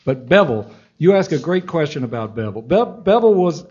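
A man with a fairly high voice answers audience questions at a public talk. He speaks earnestly and haltingly, restarting his sentences often. The sound is dull and lo-fi. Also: big pitch swings, darkish tone, breathy edge. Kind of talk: Q&A talk, reflective storytelling. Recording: dull lo-fi event recording.

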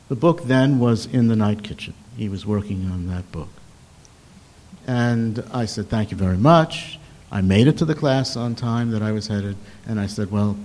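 An older man telling a personal anecdote in an animated, self-mocking way, with halting restarts. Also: medium pitch. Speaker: storyteller. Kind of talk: personal anecdote told to an audience.

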